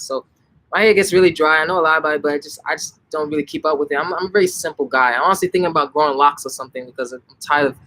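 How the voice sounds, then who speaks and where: A young man chats through a live Q&A for his viewers. His voice sits a little high, and his delivery is animated and emphatic, with lots of "like" and quick restarts. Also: low-quality recording. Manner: animated, emphatic, frequent self-corrections and "like". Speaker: language-learning channel host answering viewer questions. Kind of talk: casual live Q&A.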